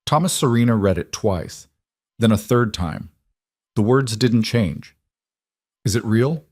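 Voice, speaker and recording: A man narrating a dramatic story in steady, scripted storytelling. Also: on the low side, measured pace, no echo, studio quality.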